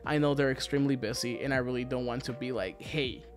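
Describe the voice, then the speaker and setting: A man chatting casually on a livestream, excitable and quick to laugh, swearing freely between thanks to viewers. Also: medium pitch, faint music behind. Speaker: virtual idol streamer.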